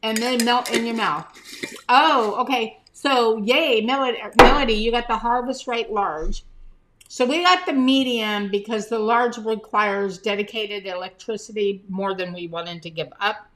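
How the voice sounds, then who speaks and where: Slow-talking chatty woman streaming live. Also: a little high, a bit bright, a little hiss or hum. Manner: chatty, greets viewers by name, shows items to camera; talks with her mouth full at times. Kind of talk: casual live stream chat.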